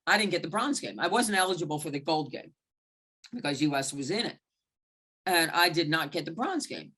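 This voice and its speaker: Her voice husky and her pace fairly quick, a female basketball referee recounts blunt stories while mentoring. She brings the recalled exchanges to life with big pitch swings, speaking animatedly and sometimes swearing mildly.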